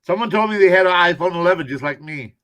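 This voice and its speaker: A man moderating a casual group video call, with a voice a little higher than usual. He talks people through the settings in a helpful way and often repeats himself. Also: expressive, fast talker, pushed and bright. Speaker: stream moderator.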